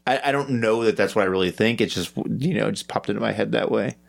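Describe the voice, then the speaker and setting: Hesitant, low-voiced male podcast host. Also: quick pace, gravelly. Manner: rambling, hesitant, self-deprecating. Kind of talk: casual podcast discussion.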